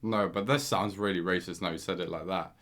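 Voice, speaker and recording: A man's voice: low-pitched, steady tone, a little fast, background noise. Laid-back young Englishman, wry podcast co-host. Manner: laid-back, wry, says mate a lot. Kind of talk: casual chat.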